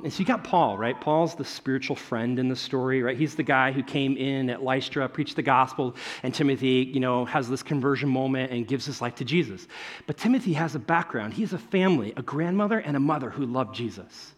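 A man in his thirties preaching a sermon, telling stories and acting out quotes, swinging between loud and soft. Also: mid-range voice, brisk. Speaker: pastor.

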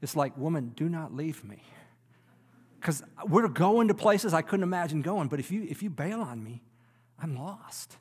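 A man preaching a sermon, swinging from loud emphatic lines to soft, near-whispered ones. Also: on the high side, expressive, normal speed, breathy edge. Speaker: pastor. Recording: long hall reverb.

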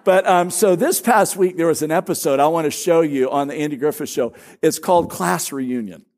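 Middle-aged pastor guy, kinda high voice, chatty sermon with jokes about himself. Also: fairly quick, a little mellow. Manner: chatty, storytelling with self-deprecating humor. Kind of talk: conversational sermon.

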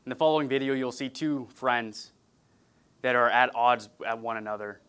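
A man from California preaches at a middle pitch in an earnest, measured way. He speaks plainly and warmly to a congregation, now and then easing in some gentle humor. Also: smooth. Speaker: pastor. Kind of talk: sermon.

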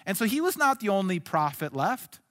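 A male pastor delivers an earnest sermon with a high voice. He drops to soft, hushed lines, then lifts into emphatic ones. His voice rings with the long reverb of a large hall. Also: very animated, moderate pace.

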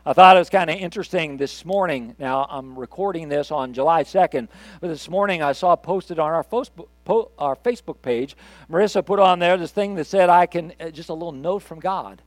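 An older male pastor delivering a recorded sermon in a conversational way, moving between loud emphatic lines and quiet asides. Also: on the high side, fairly quick, dry recording.

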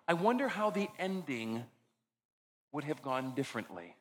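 A pastor preaches an earnest sermon, very animated, slowing down for emphasis and dropping low and soft on key lines before he leads communion. The low-quality recording carries a little hiss or hum.

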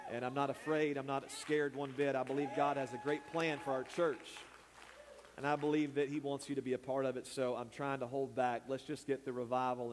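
A man, a pastor preaching a sermon who calls out to the congregation to repeat words after him. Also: medium pitch. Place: church sanctuary. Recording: long hall reverb.

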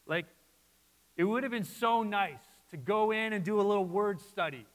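A man preaching a sermon as pastor, animated and repeating his phrases as he voices listeners' doubts. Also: high-pitched, moderate pace, long reverb tail, poor audio.

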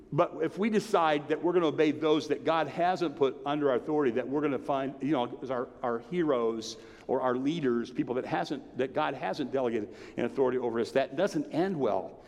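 A man's voice: mid-range voice, fairly quick. Preaching man in a reverberant hall. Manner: conversational preaching, rises to emphatic then drops to a hushed tone. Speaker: pastor. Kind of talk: sermon.

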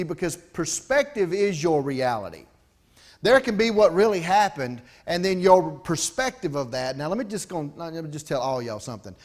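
A man's voice: fairly high pitch, a little mellow. A middle-aged pastor, preaching a folksy, conversational sermon with asides to his congregation.

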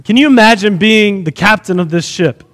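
A man preaching a sermon in an animated way, acting out the scenes he tells. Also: sits high, normal speed, in a large hall.

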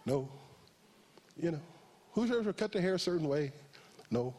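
A man, a pastor, preaching a sermon, who acts out quotes in a raised voice and closes in a slow, soft prayer. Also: on the high side, animated, a little hiss or hum.

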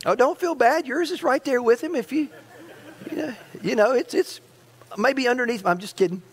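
A man's voice: very high-pitched, expressive, normal speed. A male pastor preaching a sermon. He speaks straight to the congregation and often repeats or restarts his phrases. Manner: stirring preacher who addresses the congregation directly.

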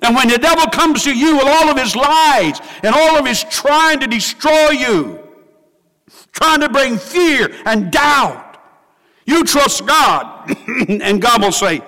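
A man's voice: very high voice, lively intonation, takes it slowly, pushed and bright, big-room sound. A man preaching a sermon, dramatic and emphatic, repeating lines for effect.

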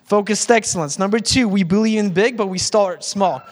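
A man's voice: high voice, normal speed. A man preaching a conversational sermon as pastor, with frequent restarts, in a church sanctuary. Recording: long church hall reverb.

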